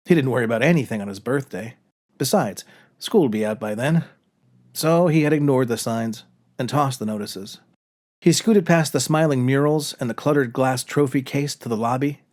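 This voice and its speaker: A man narrating a comic short story aloud with a dry, wry delivery. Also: mid-range voice. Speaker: narrator reading his own short story.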